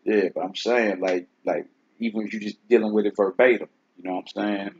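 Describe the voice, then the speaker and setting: A man's voice: on the low side, fairly even intonation, fairly quick, a little mellow, slightly rough. A man hosting a casual Bible teaching talk, speaking in a laid-back, conversational way and often checking "you see what I'm saying?". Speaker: host teaching scripture. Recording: dull lo-fi recording.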